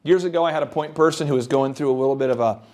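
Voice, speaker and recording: A man from the American Midwest hosting a business show, giving animated sales advice and acting out pitches. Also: very fast. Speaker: host, business coach. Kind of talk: energetic business advice talk.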